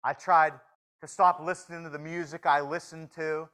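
A man preaching a sermon in a folksy, joking manner, swinging from hushed confession to loud exclamations. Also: a little high, little pitch movement, normal speed, rough recording. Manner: shifts from hushed to shouting.

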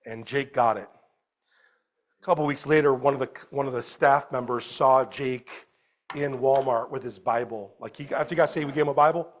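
A man preaching a sermon as a pastor at a church service, animated, moving between loud exclamations and quiet storytelling. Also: mid-range voice, normal speed.

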